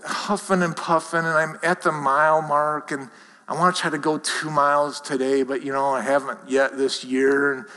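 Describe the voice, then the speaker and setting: A man's voice: a little high, little pitch movement, moderate pace, sharp tone. A man preaching a sermon as pastor, conversational and self-deprecating, asking the congregation rhetorical questions. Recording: reverberant hall.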